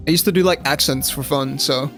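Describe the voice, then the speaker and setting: A young South African man with a squeaky voice, chatting excitably to viewers and swearing casually during live gameplay commentary. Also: brisk, soft background music. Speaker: game streamer.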